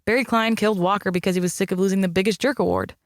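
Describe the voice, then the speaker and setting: A man's voice: sits high, steady tone, rapid-fire, no room sound, studio quality. A man playing a guarded, powerful father. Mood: dry.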